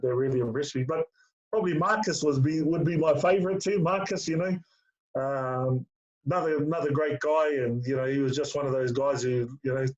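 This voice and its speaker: The speaker is a middle-aged man, once a player, now an interview guest, with a mid-range, darkish voice. Casual and story-driven, his talk is crowded with fillers and he calls the host mate. Audio quality is dull and lo-fi.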